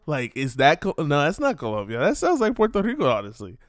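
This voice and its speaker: A man with a high voice that swings widely in pitch, ranting in a casual monologue. He hammers the same rhetorical questions again and again and leans on streetwise slang. The recording is dry and close. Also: very animated, normal speed, hardly any pauses, dry recording.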